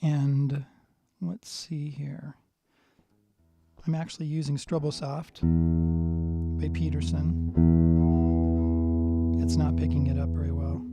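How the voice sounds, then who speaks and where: With long pauses and a measured pace, a higher-voiced guitar teacher talks through a live lesson, relaxed and thinking aloud as he tunes. Guitar playing fills the background.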